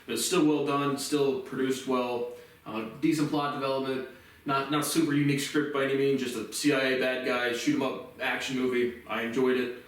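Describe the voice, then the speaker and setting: A man giving a casual spoken movie review, rambling and relaxed, often restarting his sentences and swearing casually. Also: mid-range voice, brisk. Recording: very echoey room, distant mic.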